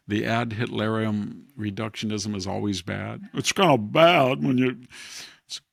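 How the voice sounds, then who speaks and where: A man's voice: medium pitch, creaky, no room sound, studio quality. A man hosting a podcast, giving casual political commentary in a sarcastic, wry way. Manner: sarcastic, wry, laughs at his own jabs. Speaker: podcast host.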